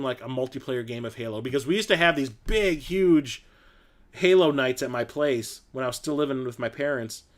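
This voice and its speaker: A young adult man hosting a casual live-stream chat, rambling through stories and laughing often. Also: medium pitch. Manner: rambling storyteller, laughs often, acts out quotes loudly.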